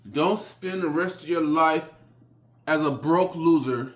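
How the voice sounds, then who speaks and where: A man giving a blunt motivational speech, repeating short phrases with sudden forceful rises. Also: a little high, expressive, a little hiss or hum. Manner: blunt, repetitive, hammering phrases; slow, emphatic delivery with sudden loud rises. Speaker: motivational speaker.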